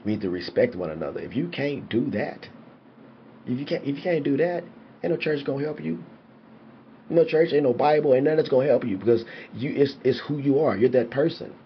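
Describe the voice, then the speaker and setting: A man's voice: medium pitch, lively intonation, a little fast, slight background noise. A young man, a father, talking casually and animatedly to camera, swearing freely and preaching about respect. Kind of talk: casual monologue. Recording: dull lo-fi sound with faint ambience.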